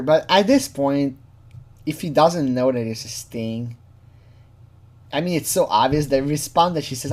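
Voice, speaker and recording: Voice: medium pitch, normal speed, long pauses, a little mellow. Loose true crime reaction voice, casual, laughs a lot, curses, mimics quoted speakers. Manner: chatty, laughs often, swears, mimics people in quotes.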